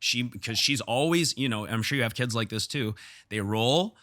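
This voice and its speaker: A man's voice: medium pitch, moderate pace, pushed and bright, dry recording, clean studio sound. A man hosting a podcast, telling a story from his gym in a casual, heated way, restarting his sentences. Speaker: podcast host and gym owner.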